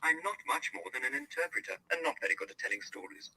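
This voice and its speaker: Fussy posh robot, bright sharp tone, gravelly edge, coming off a little toy far away. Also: male voice, on the high side, wildly swooping pitch, quick pace, no room sound, heavily acted. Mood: modest. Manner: prim, posh speech. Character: fussy polite male protocol robot.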